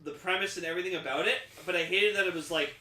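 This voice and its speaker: A young man co-hosting a casual podcast chat, animated and laughing often. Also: sits high, racing, roomy sound, poor audio. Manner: animated, laughs often, puts on silly voices. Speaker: podcast co-host.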